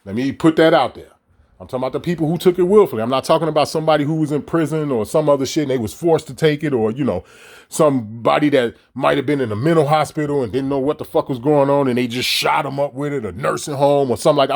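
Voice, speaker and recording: A man's voice: fairly high pitch, fast talker, vocal fry. A man ranting to his audience in a heated, profane, mocking monologue full of rhetorical questions. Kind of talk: profane monologue straight to camera.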